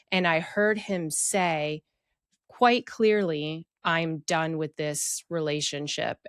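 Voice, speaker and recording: A woman's voice: sits low, clean tone, no room sound, studio quality. A woman telling a personal story of emotional abuse in a candid, reflective way, with many fillers. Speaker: podcast guest sharing her story.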